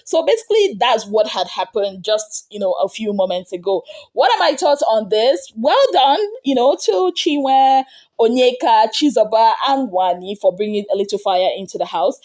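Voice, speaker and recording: A woman hosting an entertainment gossip show, recapping reality TV fights in a casual, animated way. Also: normal speed. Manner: animated retelling, acting out quotes with big pitch jumps.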